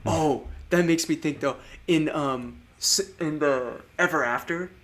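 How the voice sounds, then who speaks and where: A man's voice: fairly high pitch, unhurried, a bit bright. Rambling man chatting about movies. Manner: rambling, trails off, laughs often. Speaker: podcast co-host. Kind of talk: casual chat about movies.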